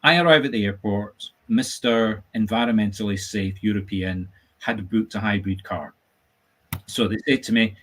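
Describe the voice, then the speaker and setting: A man with a Scottish accent, a medium hosting a casual live-stream chat, talking in a chatty, animated, jokey storytelling way. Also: lowish voice, moderate pace. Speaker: medium and host. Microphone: video call setup.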